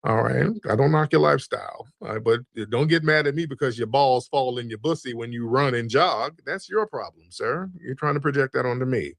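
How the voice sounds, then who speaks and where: Brief: male call-in host, taunting and crude, mid-pitched voice, dry close sound. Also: fairly quick, vocal fry, few pauses, no echo. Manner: mocking, insulting, trash-talking. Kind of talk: call-in show banter.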